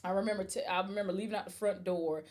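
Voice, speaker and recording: Animated woman telling a personal story. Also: medium pitch, fast talker. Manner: animated, acts out the quoted voices; frequent restarts and stammers when emotional. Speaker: podcast host.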